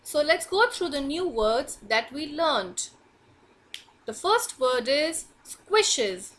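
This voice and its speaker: Slow, bright-voiced woman teacher. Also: sits high, very animated. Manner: slow, clear, sing-song storybook reading. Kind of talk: online class reading lesson for young children.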